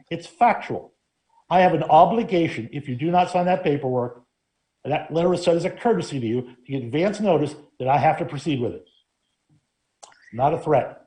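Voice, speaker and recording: A man's voice: on the high side, dark tone. A man serving as law director, speaking firmly and defensively in a council meeting debate. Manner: firm, defensive, lawyerly.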